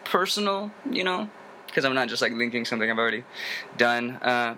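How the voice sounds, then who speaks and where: Young man, General American accent, casual rambling vlog, jokey, bright voice. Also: brisk, slight background noise. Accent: General American, no Southern drawl. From Tennessee, USA. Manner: rambling, animated, jokey, with sudden high sung bits. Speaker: vlogger introducing himself to a forum. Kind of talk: casual rambling video introduction.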